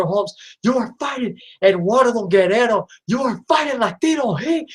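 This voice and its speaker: A man doing an impression of a cocky male wrestler, taunting an opponent with slangy trash talk that builds to a shout. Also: high voice, pitched above the performer's own voice, natural voice.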